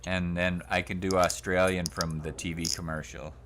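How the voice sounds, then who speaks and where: A man playing a tabletop game, laid-back and quick to joke. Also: sits low, little pitch movement, fairly bright tone, slight background noise. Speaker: player. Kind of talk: casual game chat.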